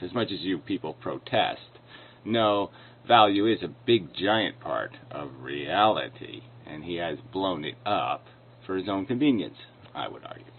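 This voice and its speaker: A man's voice: low-pitched, a little hiss or hum. Profane, scornful man ranting on lo-fi audio. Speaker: video commentator responding to clips. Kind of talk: combative rant. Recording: lo-fi phone-like sound.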